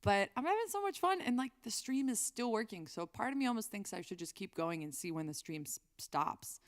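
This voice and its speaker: A woman's voice: medium pitch, lively intonation, brisk. A woman singer-songwriter chatting on a live stream between songs, rambling and reading chat aloud.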